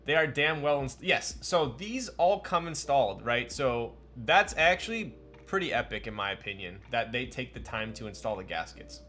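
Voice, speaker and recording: A man's voice: mid-range voice, very animated, moderate pace, sharp tone, slight background noise. A young man streaming live, chatting casually and joking at his own expense while building a keyboard and answering his chat. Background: faint music.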